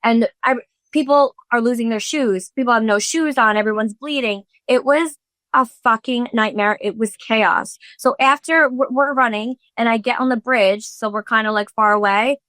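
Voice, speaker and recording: A woman's voice: fairly high pitch, normal speed, fairly bright tone, no echo. A woman in her thirties, a podcast host, recounting a chaotic story in casual chat, full of swearing, fillers and acted-out quotes.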